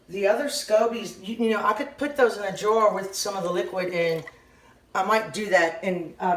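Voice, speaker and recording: A middle-aged woman with a Southern US drawl walks through a homemade recipe in a casual kitchen demonstration. She rambles, trails off and starts her sentences over. Her voice sits at an ordinary middle pitch. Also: a little hiss or hum. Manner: rambling, halting, often restarts sentences. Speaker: home cooking channel host.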